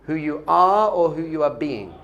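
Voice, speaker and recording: A man's voice: a little high, lively intonation, moderate pace, a bit bright. A man, a rabbi, giving a spiritual lesson with a story, talking animatedly and repeating key points for emphasis.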